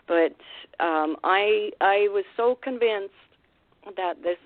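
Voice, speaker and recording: A woman from Vancouver Island, a guest on a radio show, telling a frightening encounter in an emotional, halting way with many restarts. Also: mid-range voice, dry recording. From Canada, Vancouver Island. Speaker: guest, Sasquatch researcher. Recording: dry, phone-like radio call line.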